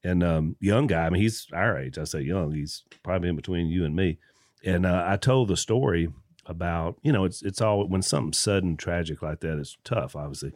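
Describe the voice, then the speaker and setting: A man's voice: deep voice, brisk, darkish tone, no echo, studio quality. A man hosting a podcast, talking earnestly with many restarts. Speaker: podcast host. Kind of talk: casual conversation.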